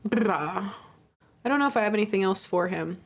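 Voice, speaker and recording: A woman livestreamer chatting casually to her viewers while playing a game, bubbly and playful, with baby talk, casual swearing and high squeals when excited. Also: normal speed, a little hiss or hum. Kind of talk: casual gameplay chat.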